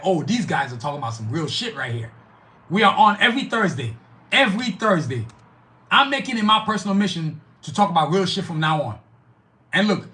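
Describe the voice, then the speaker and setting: A man's voice: high voice, bright, forceful tone. A man hosting a podcast, giving a heated, profane political rant while answering live chat. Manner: profane, fired-up, emphatic.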